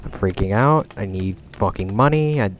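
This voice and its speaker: A man's voice: lowish voice, animated, normal speed, a little hiss or hum. A man commentating his own strategy game as he plays, swearing and panicking as his base comes under attack. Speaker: gamer. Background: game music and battle sounds.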